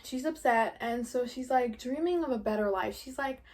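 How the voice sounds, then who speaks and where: A woman's voice: on the high side, normal speed, few pauses, darkish tone, a little hiss or hum. An eighteen-year-old woman from New York, casually recapping a musical while eating, talking in a rambling way full of "like". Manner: chatty, rambling, heavy on "like". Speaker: vlogger.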